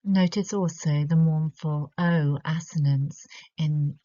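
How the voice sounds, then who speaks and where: A woman with a British English accent, giving a measured, explanatory literature lesson and slowing down to stress key words. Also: fairly low pitch, a little mellow. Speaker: literature tutor. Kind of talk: recorded poetry analysis lesson. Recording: slightly dull lo-fi audio.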